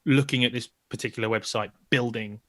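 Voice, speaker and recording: A man's voice: mid-range voice, fairly even intonation, a little fast, pushed and bright, dry recording. Male co-host, rambling and self-deprecating, dry close mic. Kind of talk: casual podcast chat.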